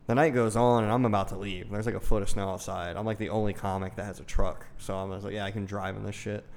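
Low-voiced man telling animated stories. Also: quick pace. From Ohio. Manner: animated storyteller, acts out quotes loudly, swears freely. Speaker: stand-up comedian. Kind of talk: casual podcast chat.

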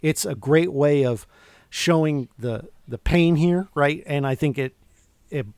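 Man, podcast co-host, casual movie talk, animated retelling, somewhat high voice, dry recording. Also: a little slow, clear, resonant tone, no echo. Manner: animated, retells scenes with quoted lines and restarts. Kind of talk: casual movie review chat.

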